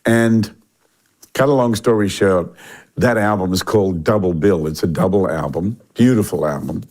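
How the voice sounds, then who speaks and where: An older Australian man in a relaxed interview, his voice sitting a little low. He tells long stories with restarts and lively quoted voices. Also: normal speed. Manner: animated storyteller, acts out quoted voices, frequent restarts. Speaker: guest musician.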